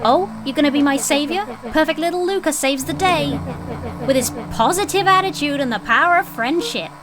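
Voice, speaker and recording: A woman's voice: fairly high pitch, quick pace, lightly acted. A woman voicing a bitter, wounded young boy who was once a bully, reading his lines with resentful sarcasm over game music.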